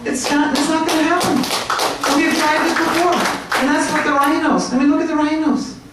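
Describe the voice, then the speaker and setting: A woman giving an animated, chatty talk to a room of people, joking with her audience. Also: high-pitched, normal speed, noisy background. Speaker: speaker at a political meetup. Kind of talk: lively speech to a crowd. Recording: echoey room, mic at a distance.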